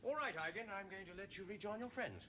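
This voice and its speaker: A man's voice: high voice, expressive, fast, bright, forceful tone. An actor playing a scheming male officer who questions a prisoner in a falsely friendly, probing way, in a 1970s TV drama. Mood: sly.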